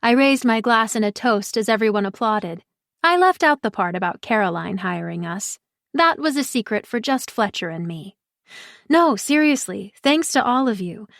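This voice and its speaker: A woman reads a first-person audiobook in a warm, conversational way, at a middle pitch for a woman. The recording is close and dry, with no room sound. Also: lively intonation, normal speed, vocal fry, no echo. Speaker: audiobook narrator.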